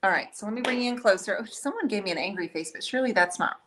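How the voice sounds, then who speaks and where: A woman's voice: mid-range voice, lively intonation, rapid-fire, fairly bright tone, far from the mic. A woman hosting a painting livestream and chatting with viewers in a playful, teasing way. Her voice carries the echo of a roomy space, with faint noise behind it. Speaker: painting tutorial host. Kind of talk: casual livestream chat.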